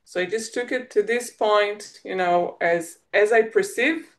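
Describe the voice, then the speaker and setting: A woman's voice: mid-range voice, a little slow. Israeli woman searching for her words. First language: Hebrew. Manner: searching for words, restarts, light laughs. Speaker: guest. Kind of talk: reflective conversation.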